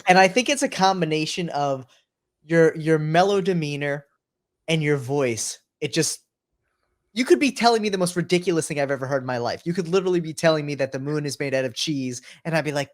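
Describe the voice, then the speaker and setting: A man's voice: a little high, a little fast. Enthusiastic slangy male host. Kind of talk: casual chat.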